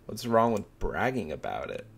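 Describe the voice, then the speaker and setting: A man's voice: on the low side, sing-song, normal speed, vocal fry, fairly bright tone, full character voice. A man reading as a boastful little boy demon. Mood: stubborn. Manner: read aloud from a manga, barely acted.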